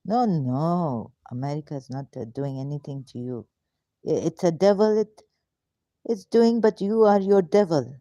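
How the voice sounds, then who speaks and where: A woman's voice: low-pitched, normal speed, warm tone, no echo, clean studio sound. A woman vlogger delivering an angry, frustrated, confrontational monologue straight to her viewers. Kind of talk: ranting monologue to camera.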